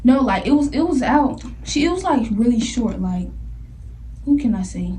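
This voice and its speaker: A young woman vlogger telling a story in an animated, slangy way, laughing often. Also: on the high side, moderate pace. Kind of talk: storytime vlog. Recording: somewhat distant mic with faint noise.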